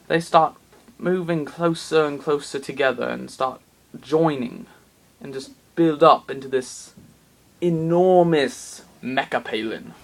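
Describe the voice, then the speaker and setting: A man telling an absurd comic story in a rambling, excitable way with plenty of fillers. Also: fairly high pitch, slow, vocal fry.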